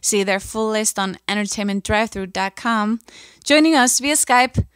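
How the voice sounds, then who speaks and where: A woman hosting an interview show, chatting in a lively way and laughing with her guests. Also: medium pitch, moderate pace, clear, resonant tone, no room sound, clean studio sound. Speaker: host. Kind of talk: casual interview chat.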